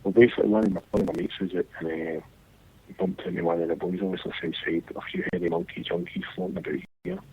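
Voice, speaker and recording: A Glaswegian man tells a story in casual podcast banter, his pitch leaping up and down as he goes. His voice is rough and husky, with a gravelly fry, and it comes through a thin, phone-like line. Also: very animated, fast talker. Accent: Glaswegian Scottish. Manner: swings widely in pitch while telling an anecdote. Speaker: guest storyteller. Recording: tinny phone-line sound.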